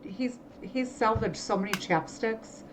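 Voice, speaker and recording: A middle-aged woman co-hosting a casual chat show, talking in quick asides and correcting herself as she goes. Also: a little high, a little hiss or hum, low-quality recording. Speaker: podcast co-host.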